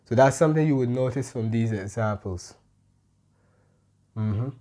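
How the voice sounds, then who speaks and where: A man's voice: medium pitch, a little slow, mellow. A man teaching an English grammar lesson, explaining patiently and often checking in with "right?". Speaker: English tutor.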